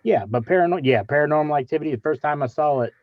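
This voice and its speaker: A man's voice: fairly high pitch, quick pace, no room sound. Man telling a story over a dull, lo-fi line. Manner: animated storytelling, self-mocking. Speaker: podcast co-host, father. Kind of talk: casual chat.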